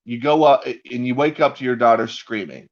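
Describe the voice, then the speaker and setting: A man's voice: medium pitch, normal speed. Rambling, profane man on lo-fi stream. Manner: rambling, profane, spins hypothetical scenarios. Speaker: stream co-host. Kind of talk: casual live-stream chat.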